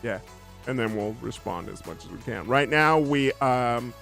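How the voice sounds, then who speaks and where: A man's voice: mid-range voice, animated, moderate pace, gravelly, fairly bright tone, soft background music. A man hosting a casual gaming news podcast, easygoing and rambling as he wraps up the show. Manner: easygoing, rambling sign-off with fillers. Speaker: podcast host. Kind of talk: casual podcast chat and sign-off.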